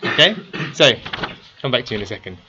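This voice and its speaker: A man's voice: medium pitch, expressive, fast talker, pushed and bright, lo-fi sound, slight background noise. A man teaching a class, constantly quizzing his students with questions. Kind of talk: interactive classroom lesson.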